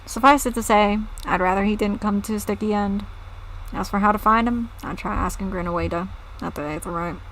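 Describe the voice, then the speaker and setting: A woman voicing a gruff, stern male farm boss in a put-on Southern US accent as she reads game dialogue aloud. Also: medium pitch, steady tone, a little fast, a bit bright, a little hiss or hum, lightly acted, low-quality recording. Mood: grave.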